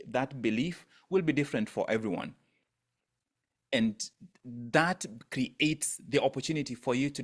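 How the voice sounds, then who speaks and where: Male workshop coach, emphatic and repetitive, mid-range voice, on a video call. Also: mid-range voice. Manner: emphatic, repeats phrases for effect, rises sharply on quoted lines. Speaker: mindset coach leading an online workshop. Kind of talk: teaching talk.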